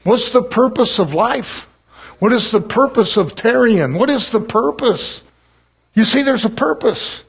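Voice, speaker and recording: A man's voice: very high voice, animated, unhurried, creaky, slightly rough. A man preaching a sermon in a folksy, conversational way, chuckling and acting out voices of doubters.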